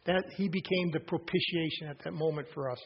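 A man preaching a sermon, earnest and emphatic, with restarts and pauses. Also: a little high, steady tone, gravelly, muffled recording, a little hiss or hum. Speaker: pastor.

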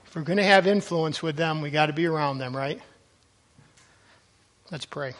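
A man's voice: on the high side, normal speed, pauses often, a bit bright. A middle-aged man preaching a sermon to fathers, earnest and exhorting, with frequent restarts. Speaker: pastor.

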